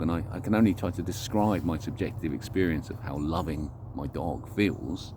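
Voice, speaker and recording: A man's voice: low voice, brisk, noisy background. A man vlogging an unscripted, reflective monologue, talking earnestly and searching for his words as he goes.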